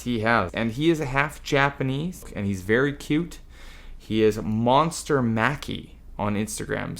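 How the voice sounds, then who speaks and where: A man's voice: mid-range voice, vocal fry, fairly bright tone. A man guesting on a podcast, chatting cheerfully and joking about himself. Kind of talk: casual chat.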